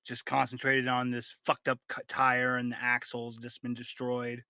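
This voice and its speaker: Profane, bright-voiced male game master. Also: medium pitch, monotone, moderate pace, hardly any pauses, dry recording. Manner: casual, profane, rambling narration. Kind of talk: narrating a tabletop game.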